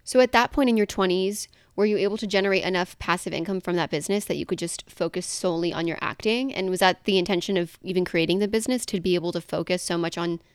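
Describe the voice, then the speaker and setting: A woman's voice: fairly low pitch, fast talker, few pauses, clean tone, dry recording. Dry-sounding woman host asking questions. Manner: warmly affirming, asks long follow-up questions. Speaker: podcast host. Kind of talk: interview questions.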